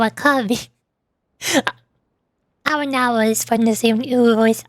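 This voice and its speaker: A woman streaming and chatting casually with viewers, talking fast when excited and laughing often. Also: on the high side, no echo, clean studio sound. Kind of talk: casual livestream chat.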